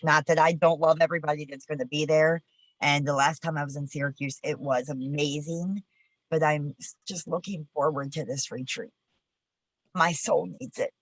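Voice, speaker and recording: A woman's voice: sits low, dry recording, poor audio. A middle-aged woman co-hosting a casual team chat, talkative and openly emotional. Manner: chatty, emotional. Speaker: co-host.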